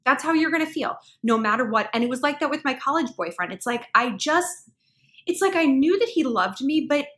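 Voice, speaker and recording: A woman in her thirties talks straight to camera, spinning a relationship story in a chatty, animated way. Her voice sits fairly high, and she peppers her talk with fillers and acts out the lines of the people in her story. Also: fairly quick. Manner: chatty, animated, many "like"s, acts out quoted dialogue. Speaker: relationship advice vlogger.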